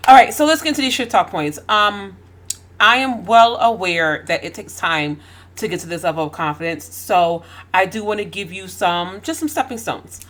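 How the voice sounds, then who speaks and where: A woman's voice: medium pitch, animated, moderate pace, a bit bright. Woman, host, faith-based pep talk, emphatic, rhetorical questions.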